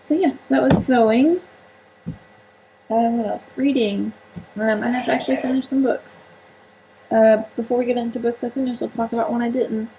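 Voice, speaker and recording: A woman's voice: on the high side, fairly even intonation, normal speed, long pauses, dark tone, a little hiss or hum, rough recording. A woman chatting casually on her own vlog about sewing and books, rambling and joking at her own expense with lots of fillers. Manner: chatty, rambling, self-mocking, many fillers. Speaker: book and sewing vlogger. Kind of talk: casual solo vlog chat.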